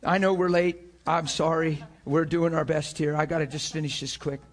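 A man preaching a sermon, moving from shouted cries down to hushed, low passages, often repeating words and restarting. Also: little pitch movement, normal speed. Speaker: pastor.

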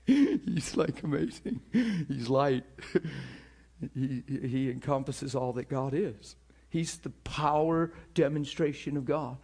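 Speaking slowly in a higher voice with a breathy edge, a pastor tells a personal story during his sermon. He is animated throughout, laughing frequently and repeating words.

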